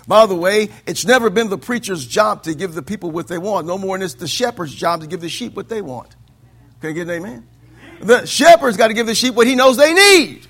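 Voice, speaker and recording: A man preaching a sermon, asking the congregation for amens and swinging between loud declaiming and quiet asides. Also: high voice, lively intonation, moderate pace. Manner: call-and-response preaching, asks for amens. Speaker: pastor.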